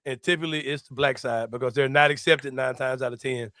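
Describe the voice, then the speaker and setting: A man hosting a casual sports-show chat, a loud, laughing storyteller who swears freely. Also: mid-range voice, fairly even intonation, a little fast, no room sound, clean studio sound. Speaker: podcast host.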